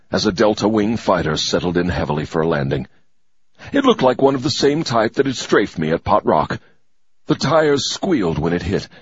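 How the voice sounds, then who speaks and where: A man narrating a first-person adventure story in an expressive, dramatic way. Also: low-pitched, slightly rough, dull audio. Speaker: audiobook narrator.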